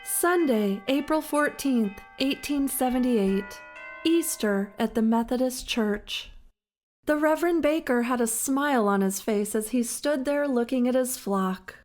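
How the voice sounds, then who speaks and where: A woman narrating a historical story in a slow, measured, dramatic way. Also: sits high, darkish tone, faint music behind.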